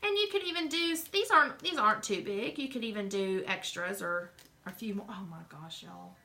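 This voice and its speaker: A woman's voice: medium pitch, lively intonation, normal speed, sharp tone. A woman with a Southern US accent hosting a craft show, chatting and rambling straight to her viewers as she works. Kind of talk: casual live-stream craft demo.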